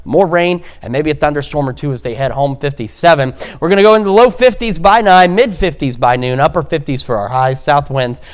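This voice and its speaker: A man's voice: fairly high pitch, brisk, few pauses, clean tone. A male meteorologist delivering a live morning weather forecast in a chipper, jokey way, chatting and rambling a little as he goes.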